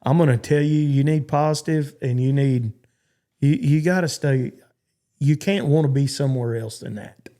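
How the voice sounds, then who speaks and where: He's a cowboy from Texas in his forties, guesting on a podcast and telling stories in a rambling way, halting and restarting again and again. His voice sits mid-range with a dark tone and moves at a normal speed.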